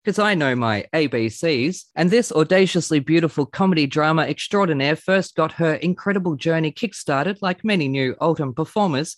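Male podcast host, slightly high voice, dry close mic, flamboyant punning showman. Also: no room sound. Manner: theatrical, rapid wordplay. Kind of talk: pun-filled show introduction.

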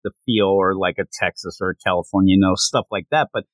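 A man from Pennsylvania, co-hosting a casual podcast about manga. He acts out characters' lines in quick put-on voices. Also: sits low, steady tone, no room sound. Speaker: podcast co-host.

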